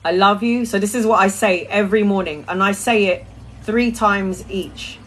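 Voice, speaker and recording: Woman, spiritual live-stream host, casual chat, middle pitch, soft repeated mantras, ums and uhs. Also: normal speed, a little hiss or hum. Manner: chants mantras in a soft, dropping voice; talkative, with frequent um and uh.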